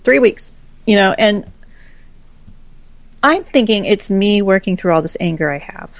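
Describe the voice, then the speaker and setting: A woman's voice: medium pitch, expressive, measured pace, dry recording. A woman guest telling a personal story in a frank, chatty way, swearing casually. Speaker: podcast guest.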